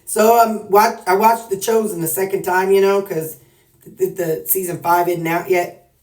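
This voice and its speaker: A woman's voice: mid-range voice, fairly even intonation, a little slow, a little mellow, reverberant, distant mic. A woman with a Southern US accent chatting casually to her followers, folksy, joking and rambling as she talks. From Missouri. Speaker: weight-loss vlogger. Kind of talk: casual chat to camera.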